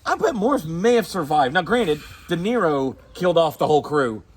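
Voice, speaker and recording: A man's voice: fairly high pitch, sing-song, normal speed, slightly rough. A man with a Southern US accent co-hosting a casual movie chat, rambling and profane, laughing often. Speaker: co-host.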